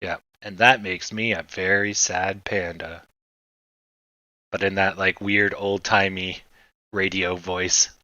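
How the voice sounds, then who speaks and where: A man's voice: low-pitched, flat delivery, slow pace, bright, forceful tone, no room sound, lo-fi sound. A man hosting a stock trading livestream, chatting casually and rambling with lots of fillers, and he swears now and then.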